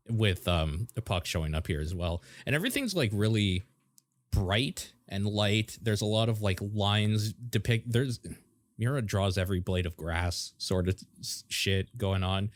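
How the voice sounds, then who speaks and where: A man with a low voice chatting on a podcast in a relaxed, offhand manner, swearing now and then. The recording is dry and close, with no room sound. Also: no room sound. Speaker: podcast co-host. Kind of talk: casual chat about a comic.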